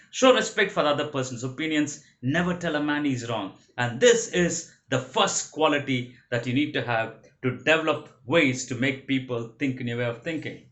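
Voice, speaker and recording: Guy lecturing a training class, fairly high voice, keeps repeating the main rules. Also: fairly bright tone. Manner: didactic, repeats key principles. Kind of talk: motivational training talk.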